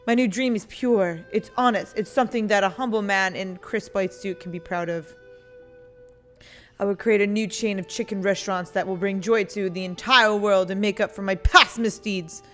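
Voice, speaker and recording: A woman's voice: medium pitch, fairly even intonation, moderate pace, faint music behind, lightly acted. A woman reading the lines of an earnest older male chicken restaurateur from a dating game, in a solemn, storybook-like way. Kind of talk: reading game dialogue aloud.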